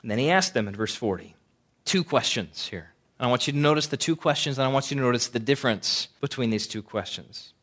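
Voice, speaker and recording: A man preaching a sermon, swinging between loud emphasis and hushed, quiet lines. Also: medium pitch, lively intonation, brisk. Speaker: pastor.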